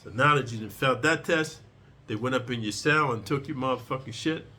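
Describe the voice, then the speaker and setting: A man's voice: mid-range voice, fairly quick, pushed and bright, breathy edge. A man telling a prison story in a casual, profane, streetwise way, lecturing his listeners.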